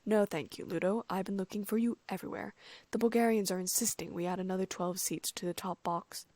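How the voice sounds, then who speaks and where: A woman's voice: medium pitch, fairly even intonation, fairly quick, mellow, dry recording, close to an everyday voice. A woman voicing a stiff, rule-bound male official who speaks curtly and with dry sarcasm. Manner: curt and dryly sarcastic. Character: stiff, strict older male ministry official.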